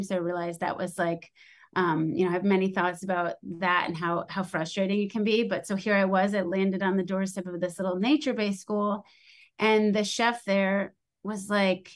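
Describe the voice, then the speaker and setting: A middle-aged American woman talks through a long story in a casual interview. She is chatty and lively and acts out the voices of the people in her story with a lifted pitch. Her voice sits in an ordinary middle range for a woman. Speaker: podcast guest, school lunch program founder.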